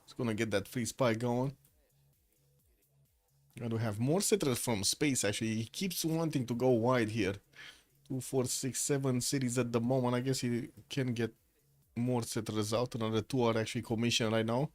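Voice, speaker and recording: A man giving casual solo commentary on a strategy game match, rambling with frequent pauses and restarts, and he has the hiccups. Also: medium pitch, soft background music. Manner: rambling, hesitant, many uh fillers and restarts. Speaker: esports caster.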